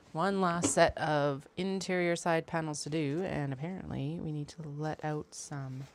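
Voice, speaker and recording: A woman's voice: low voice, gravelly, a little hiss or hum. A woman hosting a sewing livestream, talking casually to herself as she works and repeating phrases half-aloud. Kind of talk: casual talk while working.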